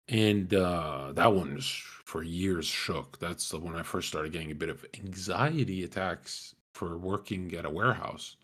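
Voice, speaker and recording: Casual swearing man telling stories. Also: fairly low pitch. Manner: casual, swearing, laughing often. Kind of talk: candid personal storytelling.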